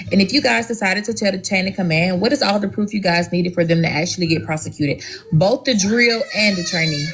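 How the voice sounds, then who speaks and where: A woman's voice: mid-range voice, fairly bright tone, rough recording. A woman reading a listener's post aloud and then giving sympathetic advice.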